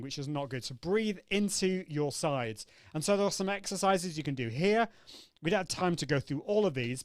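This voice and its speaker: On a live-stream coaching show, an upbeat man demonstrates as he teaches and answers viewers' comments. His voice is on the high side, and the recording is dry.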